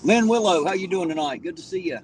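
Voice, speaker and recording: A man's voice: high-pitched, fast. A man with an Appalachian accent chatting casually on a live stream from his vehicle at night, greeting viewers by name in a folksy, talkative way. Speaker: livestream host. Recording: distant mic with loud road noise.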